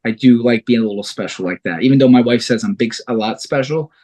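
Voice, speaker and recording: Swearing, animated man guest on a podcast. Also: mid-range voice, fast. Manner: animated storyteller, swears freely. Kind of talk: casual podcast chat.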